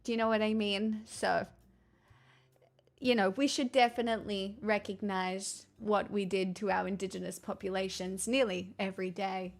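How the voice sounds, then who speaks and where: A woman's voice: mid-range voice, steady tone, moderate pace, creaky. Chatty young Australian woman streamer. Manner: rambling, chatty, swears freely. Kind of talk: casual livestream chat.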